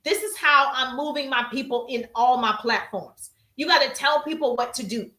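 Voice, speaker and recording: A woman coaching a live-stream audience on business, with a high, bright voice and a punchy, emphatic delivery. She greets her viewers in the chat as she goes. The room sounds echoey. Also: normal speed. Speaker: social media business coach.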